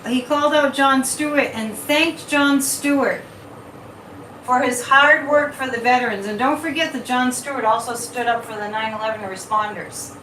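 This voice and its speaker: Brief: high, bright-voiced woman hosting a live chat stream, animated and repetitive. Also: moderate pace, a little hiss or hum. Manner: animated, repeats words, reads viewer comments. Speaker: psychic livestream host. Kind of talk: casual livestream chat. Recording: echoey room, mic at a distance.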